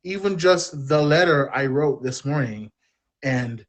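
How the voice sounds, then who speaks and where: A man's voice: fairly high pitch, unhurried. A man, a podcast guest speaking openly and in a rambling, self-deprecating way. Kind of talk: candid personal storytelling.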